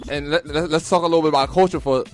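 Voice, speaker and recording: A man's voice: on the high side, fairly even intonation, very fast, music in the background. Laid-back stammering male radio host. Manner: loose, stammering, laughs a lot. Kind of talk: casual radio chat.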